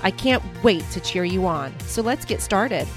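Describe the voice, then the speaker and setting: A woman's voice: medium pitch, animated, a little slow, over music. A woman hosting her own podcast as a life coach, telling stories in a chatty, upbeat way. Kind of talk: casual solo podcast monologue.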